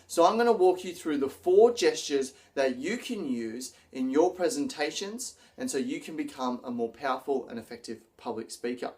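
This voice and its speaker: A man coaching public speaking straight to camera, energetic, acting out gestures as he explains them. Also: fairly high pitch. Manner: energetic, demonstrates gestures while talking. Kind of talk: direct-to-camera teaching video.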